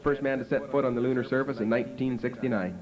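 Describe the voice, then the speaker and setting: A man's voice: mid-range voice, steady tone, fast, muffled recording, over music, natural voice. A man voicing a polite, earnest little schoolboy who speaks formally. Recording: home video with festival crowd.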